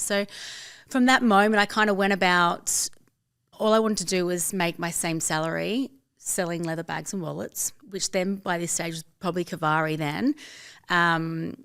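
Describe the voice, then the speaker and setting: A woman's voice: lowish voice, fairly even intonation, moderate pace, creaky, fairly bright tone, smooth. A woman with an Australian accent, a business founder telling her story as a guest in a casual interview, upbeat and chatty. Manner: upbeat, chatty, quotes herself and others. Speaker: guest, fashion label founder.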